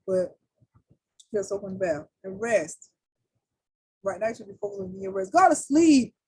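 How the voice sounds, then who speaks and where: A woman's voice: mid-range voice, warm tone, husky, poor audio. A woman giving a casual spiritual reading, talking loosely to viewers in slang. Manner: loose, slangy, talks straight to viewers as y'all. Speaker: tarot reader.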